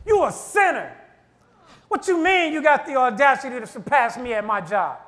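Brief: man acting out resentful grown older brother, indignant rant, very high and forceful delivery. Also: expressive. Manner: indignant rapid-fire complaining.

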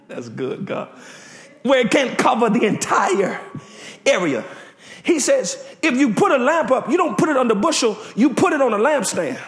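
A man preaching a sermon as a visiting preacher in a church, firing call-and-response lines and shouting them out. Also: very high voice. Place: church sanctuary. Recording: roomy church echo.

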